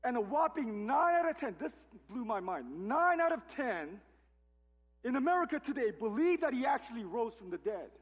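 A man's voice: very high-pitched, very animated, brisk, hardly any pauses, husky, dull audio. A man preaching a sermon as pastor, emphatic and full of rhetorical questions, in a church sanctuary. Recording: long hall reverb.

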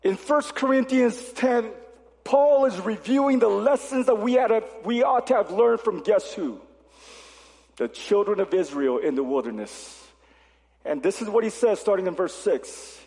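A male pastor preaching a sermon in a lively, conversational way, with jokey asides to the congregation. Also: sits high, unhurried. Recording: long reverb of a large hall.

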